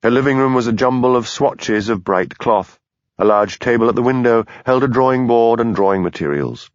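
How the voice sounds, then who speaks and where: A man narrating an audiobook in a measured, even way. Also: mid-range voice, no room sound, highs cut off. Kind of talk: scripted narration.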